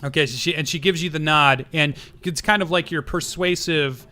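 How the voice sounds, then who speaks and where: A man's voice: fairly high pitch, moderate pace, sharp tone, soft background music. A man narrating as game master, easygoing and prompting players with questions.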